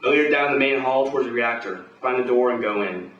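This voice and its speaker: A man telling a first-person pulp action tale aloud in a gruff, swaggering, profane, hardboiled way. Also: mid-range voice, brisk, roomy sound, far from the mic, muffled recording, noisy background. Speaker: storyteller.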